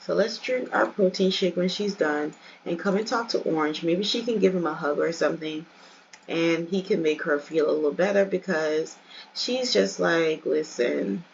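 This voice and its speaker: A woman's voice: lowish voice, muffled recording, slight background noise. A woman hosting a let's play, giving chatty, casual commentary and addressing viewers directly.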